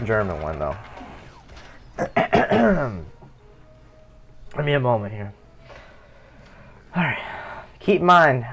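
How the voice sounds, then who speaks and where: A young man talks loosely while gaming on a live stream, wandering off topic, fixing his own words, and chuckling along the way. His medium-pitched voice has a creaky quality.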